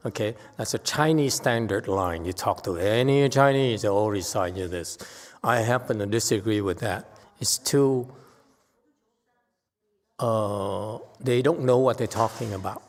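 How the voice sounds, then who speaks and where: A middle-aged man giving an unscripted Dharma lecture, halting and full of fillers, bluntly stating his opinions. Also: lowish voice. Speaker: Buddhist teacher giving a Dharma talk. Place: temple hall. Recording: long hall reverb.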